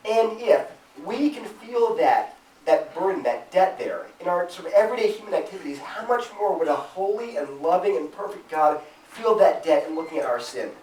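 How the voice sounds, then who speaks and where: An earnest man lectures students with emphasis, his voice on the higher side for a man. He sounds set back from the mic in a roomy, echoing lecture room. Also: expressive, moderate pace, a little mellow, recorded from a distance. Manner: earnest, emphatic, acts out imagined objections in a raised voice. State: choked up with emotion at times. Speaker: speaker at a campus Christian group. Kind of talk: apologetics talk to students.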